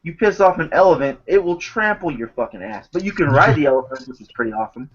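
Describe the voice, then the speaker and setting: Animated, swearing man on a lo-fi mic. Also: on the high side, quick pace, husky. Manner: animated storyteller, swears a lot. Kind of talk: casual chat. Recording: dull lo-fi recording.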